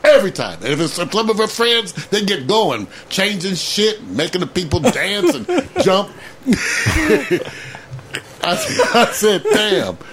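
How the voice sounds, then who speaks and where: A man in his fifties hosting a casual talk show, telling loud stories with frequent laughs and slow, emphatic punchlines. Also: high voice, big pitch swings, background noise. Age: 50s. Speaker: host.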